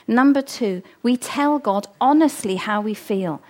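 A woman's voice: a little high, normal speed, hardly any pauses, a little mellow. A middle-aged woman preaching a sermon, earnest and emphatic, repeating her key phrases.

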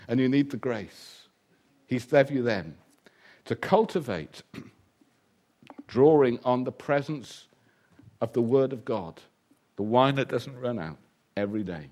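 A man preaching a sermon, lively and humorous, acting out the voices he quotes. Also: mid-range voice, slow, pauses often.

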